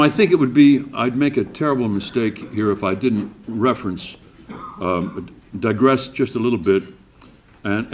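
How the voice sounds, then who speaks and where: An older man emcees an awards breakfast from a podium, his pitch rising and falling animatedly. He spins a jovial anecdote and acts out the voices in it. A faint background hiss runs under the banquet room sound.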